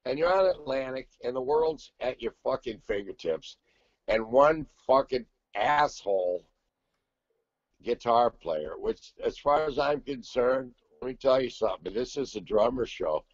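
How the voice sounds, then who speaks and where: An older man, a guest singer, telling stories in a brash, profane, animated way in casual chat. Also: mid-range voice, measured pace, no room sound, lo-fi sound.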